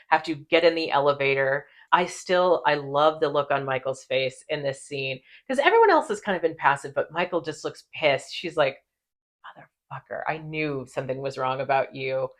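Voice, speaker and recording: Female podcast host, low pitch, chatty and profane recap. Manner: animated, profane, laughs often. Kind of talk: casual recap chat.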